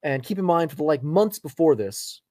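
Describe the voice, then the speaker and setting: Male podcast co-host, thirties, animated storyteller, slightly raised pitch. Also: normal speed, dry recording. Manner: animated storyteller, laughs through his anecdotes. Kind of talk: casual chat.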